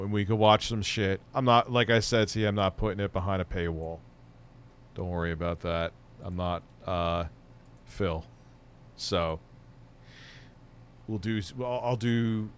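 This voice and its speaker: A man's voice: lowish voice, smooth. A man hosting a livestream, chatting casually in a profane, rambling, offhand way. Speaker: livestream host.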